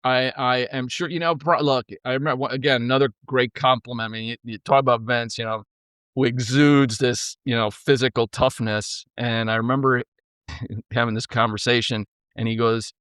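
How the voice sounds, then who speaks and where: A man in a podcast interview, telling stories in an energetic, blunt way and swearing freely. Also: medium pitch, moderate pace, clean tone, no echo. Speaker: podcast guest, former co-CEO. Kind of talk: casual storytelling.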